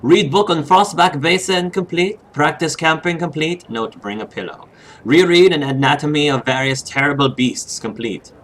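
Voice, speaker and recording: A man's voice: mid-range voice, fairly bright tone, pitched above the performer's own voice, natural voice. Man putting on a prim, fussy young elf scholar, odd put-on accent, clipped list items.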